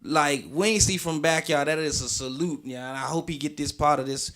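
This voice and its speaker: A man in his twenties from Washington, D.C., a guest singer talking in a relaxed, slangy radio chat and laughing often. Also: fairly high pitch, normal speed. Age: 20s.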